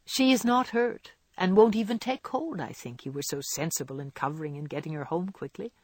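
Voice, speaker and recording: A woman voicing a gentle, patient middle-aged mother who speaks softly and soothingly, in an audiobook reading. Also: lowish voice, a little fast, husky, dry recording. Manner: soft, hushed, soothing.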